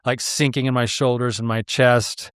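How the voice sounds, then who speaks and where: Earnest man explaining, smooth voice. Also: medium pitch, level tone, moderate pace, a bit bright, no echo, studio quality. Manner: earnest, explanatory, with frequent laughs and sighs. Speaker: guest therapist. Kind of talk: casual podcast conversation.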